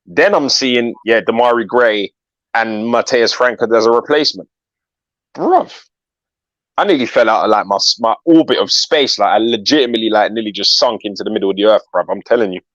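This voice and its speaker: Low man, slangy storyteller, dry dull mic. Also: quick pace, fairly bright tone, no room sound. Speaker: co-host. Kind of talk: live fan reaction chat.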